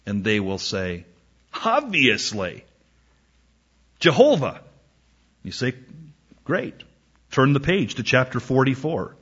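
A man preaching a sermon, reading scripture slowly with emphasis and acting out a back-and-forth exchange. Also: medium pitch, lively intonation, fairly bright tone. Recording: dull lo-fi recording.

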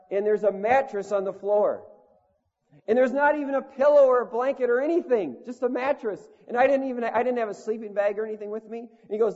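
High-voiced, self-mocking preacher man. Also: a little mellow. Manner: conversational, self-mocking, lots of "you know" and "like". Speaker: preacher and touring band leader. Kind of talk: storytelling sermon. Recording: lo-fi recording in a long-echo hall.

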